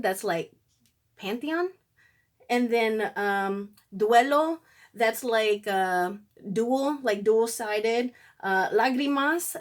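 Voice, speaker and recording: Gushing chatty woman unboxing makeup. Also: medium pitch. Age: adult parent. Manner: gushing, chatty, with frequent fillers and soft gasps. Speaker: beauty vlogger. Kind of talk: casual unboxing vlog.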